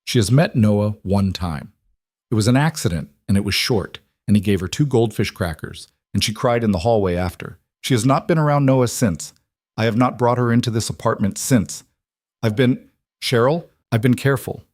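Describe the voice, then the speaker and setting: A man's voice: fairly low pitch, normal speed, a little mellow, dry recording, clean studio sound, natural voice. A man voicing a protective single father who speaks earnestly and insistently, repeating himself.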